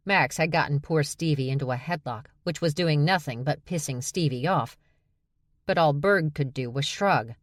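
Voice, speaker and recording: A woman narrating an audiobook in a steady, even storytelling manner. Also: sits low, normal speed, dry recording, studio quality. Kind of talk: scripted narration.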